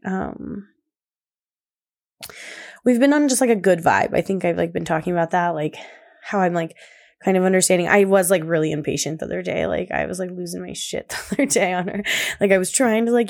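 Gravelly rambling young mom. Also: female voice, on the low side, a little fast, darkish tone. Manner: rambling, many fillers and laughs. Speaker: podcast host, mother. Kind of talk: casual personal talk.

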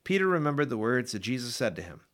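A man reading scripture aloud for a daily Bible podcast, with an expressive, dramatic delivery. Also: mid-range voice, quick pace. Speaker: Bible reader.

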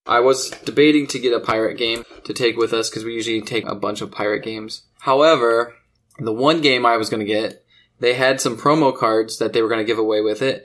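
A man's voice: fairly low pitch, a bit bright. A man hosting a podcast, chatting casually and telling stories with easy laughs. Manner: chatty storytelling, laughs easily. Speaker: podcast host. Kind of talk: casual chat about board games.

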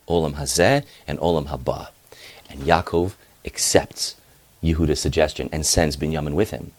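A man's voice: rumbling low, a little fast, darkish tone. A man, a rabbi and head of a school, retelling a scripture story in a casual, slangy way with acted-out quotes.

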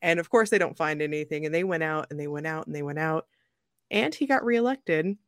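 A young adult woman hosting a podcast, telling a story in a lively, joking way and laughing often. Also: sits low, brisk, no echo, studio quality. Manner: animated, jokey, laughs often. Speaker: podcast host. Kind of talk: casual storytelling chat.

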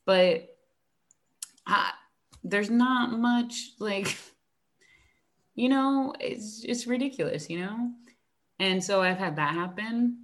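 A woman's voice: mid-range voice, slow, pauses often, a bit bright. A woman who teaches elementary school, chatting casually and animatedly, acting out exchanges with her students and using lots of fillers. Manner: frequent fillers like "like". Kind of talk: casual chat.

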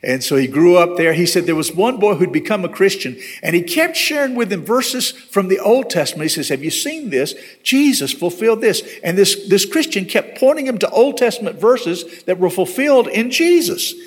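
A man's voice: high voice, expressive, moderate pace, hardly any pauses. A man, a pastor, preaching a storytelling sermon in a church and closing in earnest prayer. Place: church sanctuary.

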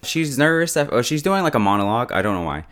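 A man casually recapping a TV episode beat by beat, chatty and quick to joke and laugh. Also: mid-range voice, very animated, fairly bright tone. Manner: chatty, laughs often, quips. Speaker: show reviewer.

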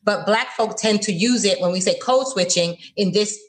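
A woman from Florida, a guest in a conversational interview, talking in an animated, expressive way as she tells her stories. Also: mid-range voice, moderate pace. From Florida, USA.

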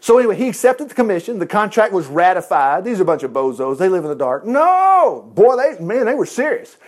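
A man with a high, lively voice leads an informal Bible study. His pitch swings widely as he preaches bluntly and slips into voices to act out the story. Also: fast. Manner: blunt, animated, acts out quotes in the voices of others. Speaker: Bible teacher.

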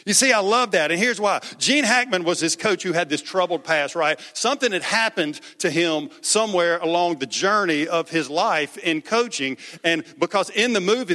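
High-voiced preacher in an echoey hall. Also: male voice, animated, normal speed, hardly any pauses, pushed and bright. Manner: conversational, asks the congregation questions, repeats words. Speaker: pastor. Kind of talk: sermon.

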